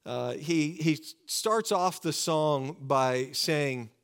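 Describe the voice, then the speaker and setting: A man preaching a sermon to his congregation, earnest and fervent, slowing down to stress key words. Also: a little high, fairly bright tone, smooth. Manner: earnest, fervent preaching with slow emphatic pauses. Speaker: pastor.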